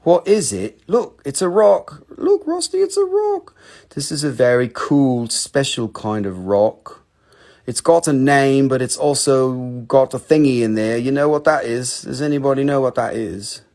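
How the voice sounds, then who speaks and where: A man's voice: medium pitch, normal speed, a little mellow. A young man hosts a live mineral sales show, joking, teasing and swearing casually while slipping into silly put-on voices. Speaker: host selling minerals on a live stream.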